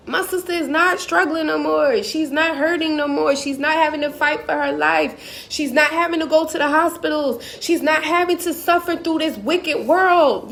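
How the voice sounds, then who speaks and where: A woman's voice: sits high, normal speed. A woman, giving an impassioned, emotional personal monologue as a motivational speaker. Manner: impassioned, talks straight to the audience.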